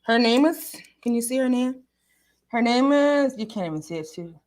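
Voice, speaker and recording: A young adult woman hosting a casual livestream, chatting and answering viewers with emphatic, animated remarks. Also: fairly high pitch, moderate pace. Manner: chatty, emphatic, laughs often. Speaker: livestream host.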